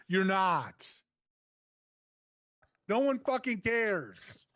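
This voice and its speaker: A man's voice: extremely high pitch, lively intonation, unhurried, a bit bright, no echo, studio quality. A man co-hosting a wrestling review show, ranting angrily and sarcastically with lots of swearing. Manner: angry, sarcastic ranting with mocking impressions. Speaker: podcast co-host.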